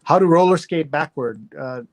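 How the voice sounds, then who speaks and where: A man's voice: on the high side, fairly quick. A man hosting a live online readalong, chatting casually and skimming headlines aloud over a video call. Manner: conversational, skims headlines aloud with fillers. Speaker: host.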